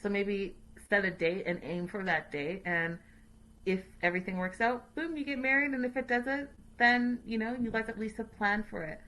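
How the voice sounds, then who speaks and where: A woman hosts a casual recap, talking straight to her viewers in a chatty, opinionated way. Her voice is bright and lively, and she often breaks into laughter. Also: mid-range voice, moderate pace. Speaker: host.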